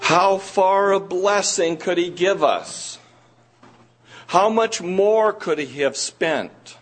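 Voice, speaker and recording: A man preaching a sermon to a congregation in a church room, earnest and slow, pressing his listeners with rising questions. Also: high-pitched, expressive, faint music behind.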